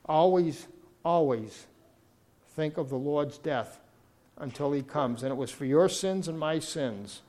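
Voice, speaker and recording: High-voiced earnest male preacher. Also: a little slow, a little mellow. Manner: earnest storytelling, rising to fervent emphasis. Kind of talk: sermon.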